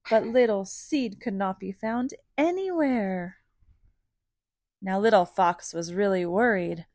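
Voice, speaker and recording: A woman reading a children's picture book aloud, gentle and animated, pausing to ask questions. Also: medium pitch, dry recording, clean studio sound. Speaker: storybook reader for children.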